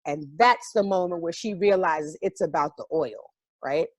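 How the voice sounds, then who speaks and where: A woman's voice: fairly low pitch, normal speed, a little mellow, dry recording. A woman from New York, a stage actor as a guest, telling a story in a vivid, profane and emotionally open way. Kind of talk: casual storytelling.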